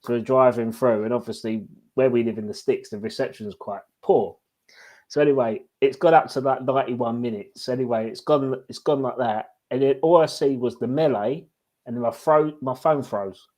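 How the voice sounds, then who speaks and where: A man tells a story in casual podcast chat. He is animated and excitable, and his voice leaps up as he acts out the moments. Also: medium pitch, normal speed. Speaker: podcast co-host.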